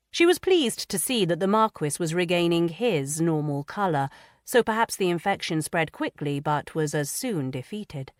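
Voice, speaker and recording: A woman narrates a mystery novel in a calm, composed reading voice. Her voice sits on the low side and is recorded close and dry. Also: dry recording. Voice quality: even, composed. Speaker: audiobook narrator. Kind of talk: scripted narration.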